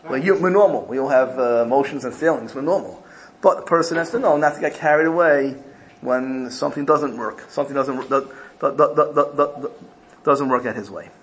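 A man's voice: mid-range voice, a little fast, a little hiss or hum, low-quality recording. A man teaching a Torah class, telling stories and often repeating and restarting words as he searches for his phrasing. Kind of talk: Torah class lesson with storytelling.

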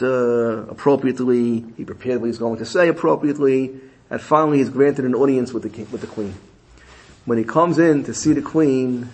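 A man's voice: mid-range voice, a little mellow, slight background noise, rough recording. A man with a Yeshivish English accent giving a Torah lecture, telling a story in a sing-song learning cadence that rises and drops. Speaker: rabbi teaching Torah.

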